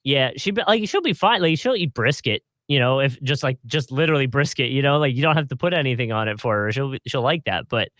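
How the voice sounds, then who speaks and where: A man's voice: medium pitch, expressive, fast, few pauses, a bit bright, dry recording. A young man with a mid-range voice co-hosts a laid-back sports podcast. He chats easily, often laughing and adding side remarks. The mic is close and the sound is dry. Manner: easygoing, laughs often, chatty asides. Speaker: podcast co-host. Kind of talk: casual sports podcast chat.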